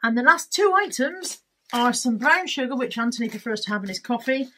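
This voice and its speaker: A woman's voice: fairly high pitch, expressive, brisk, sharp tone, slight background noise, low-quality recording. A woman chatting casually through a shopping haul in her vlog, rambling and poking fun at herself. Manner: chatty, rambling, self-deprecating. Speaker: YouTuber showing a shopping haul. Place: indoors at home, at a table. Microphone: camera on the table.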